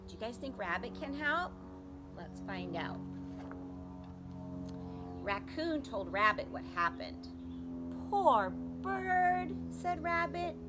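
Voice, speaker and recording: A young adult woman, a preschool teacher, reading a story aloud to children and asking them questions. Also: mid-range voice. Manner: animated, asks children questions.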